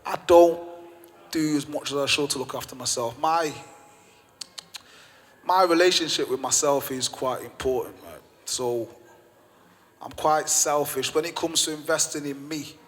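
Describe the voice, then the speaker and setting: A man, a gym owner, speaking to a live audience with animated, emotional storytelling and casual slang. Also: on the high side, unhurried, long pauses. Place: event room with an audience. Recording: reverberant hall.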